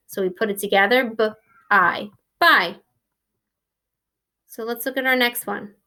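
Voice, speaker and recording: A woman teaching a first grade phonics lesson, slowly and clearly sounding out words for young children. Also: fairly high pitch, fairly bright tone.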